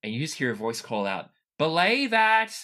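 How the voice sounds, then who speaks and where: A man running a tabletop game as game master, narrating scenes and jumping into character voices. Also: fast. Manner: lively, animated narration that jumps up in pitch for characters.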